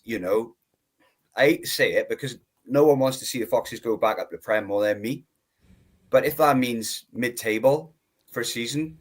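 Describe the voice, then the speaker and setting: A man with a Welsh accent from the South Wales valleys calls in to a fan show and chats in an easygoing, rambling way, full of "like". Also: mid-range voice. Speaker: caller. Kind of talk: casual call-in chat.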